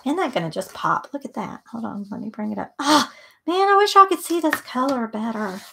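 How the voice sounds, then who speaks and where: A woman's voice: a little high, expressive, a little fast, creaky, pushed and bright, a little hiss or hum. A middle-aged woman hosting a live painting tutorial, chatting and thinking aloud as she works. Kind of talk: live painting demo with casual chat.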